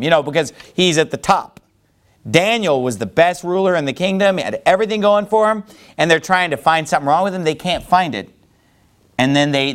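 A man teaching a Bible lesson to a class, animated and conversational, with many fillers. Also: sits high.

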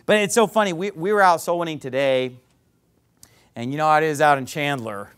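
A man preaching a sermon, retelling a story in an animated, mocking way and repeating words for emphasis. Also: a little high, fairly quick, smooth. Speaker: pastor.

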